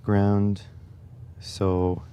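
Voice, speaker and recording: A man with a very low voice hosts a relaxed livestream, talking slowly as he reasons through each step out loud. He tosses wry, offhand remarks to his viewers between the steps. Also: clean tone. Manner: thinks aloud step by step, wry asides to viewers. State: recovering back injury. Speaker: livestream host. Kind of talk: casual livestream chat while tinkering.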